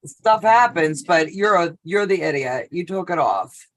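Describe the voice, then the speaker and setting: A woman's voice: on the low side, lively intonation, a little slow. A middle-aged woman hosting a live sewing show, chatting casually and telling stories while greeting viewers by name.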